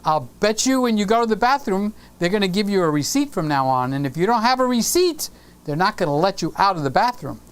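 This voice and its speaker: A man's voice: high-pitched, big pitch swings, a little fast, smooth. A man hosting a casual live stream from his home studio, playfully teasing viewers and greeting them by name.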